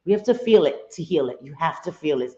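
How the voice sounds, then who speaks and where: A woman's voice: low voice, lively intonation, fast talker, mellow. A woman hosting a casual livestream from her home, chatting with viewers and mixing in Spanish exclamations. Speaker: livestream host. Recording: echoey room, dull lo-fi sound.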